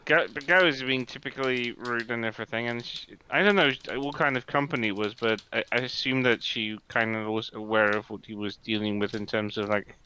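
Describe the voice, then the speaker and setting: A man in casual chat, telling rambling, animated stories about customer service. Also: medium pitch, brisk, hardly any pauses, slight background noise, poor audio.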